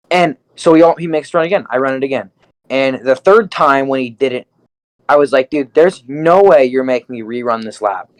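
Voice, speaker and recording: A man's voice: mid-range voice, low-quality recording. A teenage guy on a podcast, ranting about an old teacher. He rambles, cusses freely and stumbles over his words in loose, casual chat. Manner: rambling and profane, with fillers. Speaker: podcast co-host.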